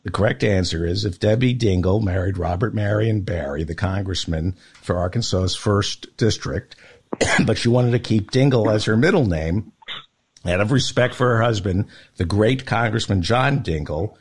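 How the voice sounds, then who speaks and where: A man's voice: on the low side, moderate pace, a little hiss or hum. A man hosting a podcast, running a mock quiz and teasing his guest. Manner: teasing quizmaster. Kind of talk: casual podcast banter.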